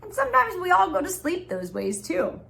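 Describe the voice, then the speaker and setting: High, sing-song woman teaching preschoolers. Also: huge pitch swings, a little fast, vocal fry. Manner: sing-song, exaggerated storytelling voice for little kids; gentle and soothing when guiding breathing. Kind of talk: reading aloud and talking to young children.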